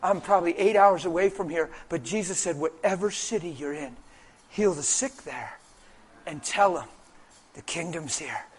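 A male preacher from Pennsylvania telling a story in a sermon. He moves from soft quoted dialogue to loud, animated exclamations. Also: fairly high pitch, moderate pace, breathy edge. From Pennsylvania, USA.

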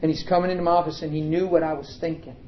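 A man's voice: a little high, flat delivery, rapid-fire, dull audio, slight background noise. Dramatic storytelling preacher man. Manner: dramatic storytelling that swings from hushed to emphatic. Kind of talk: storytelling sermon.

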